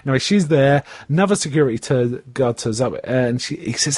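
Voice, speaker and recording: A man's voice: fairly quick, few pauses, slightly rough, no room sound, clean studio sound. A man recapping a TV episode in casual chat, acting out the characters' lines as he goes. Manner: animated retelling, pitching up for quoted characters. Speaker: podcast host.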